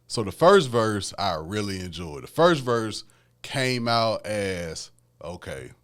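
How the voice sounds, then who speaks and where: A man with a fairly low, clean-toned voice speaks slowly, his pitch swinging widely. Hosting a podcast on his own, he discusses music in a relaxed, conversational manner, often saying "man" and "you know what I'm saying."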